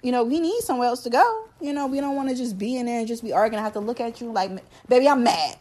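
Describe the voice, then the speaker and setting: A woman's voice: on the high side, very fast, mellow. A young woman hosting a solo podcast, talking casually and animatedly to her listeners in a slangy, chatty way. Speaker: podcast host.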